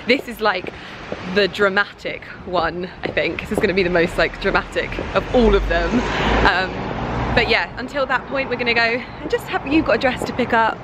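A young woman talks straight to a handheld camera, bubbly and full of fillers as she wanders around. Her voice sits at an ordinary middle pitch, and clear background noise runs under it. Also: normal speed. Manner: chatty, excitable, with frequent fillers. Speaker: vlogger. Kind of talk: casual vlog chat. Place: out and about in shops, streets and a bridal boutique. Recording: noisy street and shop audio.

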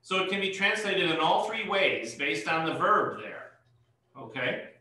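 Bright-voiced man pastor teaching Bible study. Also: sits high, expressive, measured pace. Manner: explanatory, rising emphasis on key points. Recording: echoey room, mic far off.

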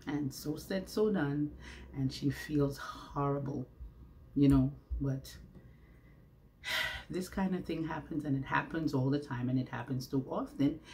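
Slow, low-voiced woman vlogging from home. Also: a little mellow, slight background noise. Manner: chatty and preachy, asks rhetorical questions. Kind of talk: casual vlog monologue. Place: at home, indoors. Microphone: camera facing her, with ring light.

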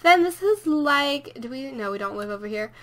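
A woman chats her way through a let's play, her bright, sharp-edged voice sitting high. She rambles casually, doubles back and corrects herself mid-thought. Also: lively intonation, moderate pace. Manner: chatty, rambling, self-correcting. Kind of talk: casual gameplay commentary.

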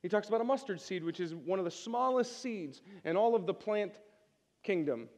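A high-voiced male pastor delivers a lively sermon, joking and calling on his congregation to answer back. His voice rings out in a church sanctuary with a long echo trailing behind each line. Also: normal speed. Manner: energetic, joking, calls on the congregation to respond.

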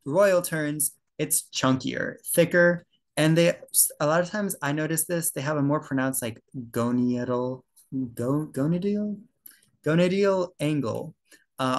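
A young man giving a casual slide presentation to a birding club, talking loosely with fillers and self-corrections. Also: medium pitch.

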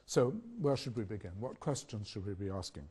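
A lowish, dark voice with a breathy edge belongs to this older British man giving an academic public lecture. He is measured and questioning, leaning on rhetorical pauses.

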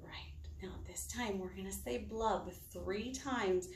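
A woman librarian leading children through storytime yoga, talking in a slow, encouraging, coaxing way. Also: mid-range voice, a little hiss or hum. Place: on a balcony. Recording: roomy, distant mic.

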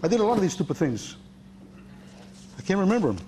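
In an echoey club, a stand-up comedian from Europe shares true stories in a chatty style, quoting people loudly and laughing at his own jokes. His high voice is very animated, quick, and mellow, with a little hiss or hum.

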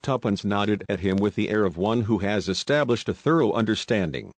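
Low-voiced man reading a novel. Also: fairly quick, no echo. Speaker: audiobook narrator. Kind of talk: scripted audiobook narration.

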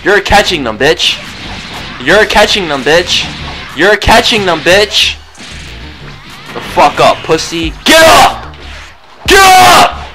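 Brash, high-voiced trash-talking young man. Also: lively intonation, slow pace, long pauses, music in the background. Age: young adult. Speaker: gaming video host. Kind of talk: live gameplay commentary.

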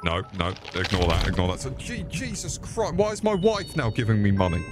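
A British man streaming a horror game, swearing and yelling at his chat in exclamatory bursts. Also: fairly low pitch, wildly swooping pitch, fairly quick, over music. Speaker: gaming streamer. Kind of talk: live gameplay commentary.

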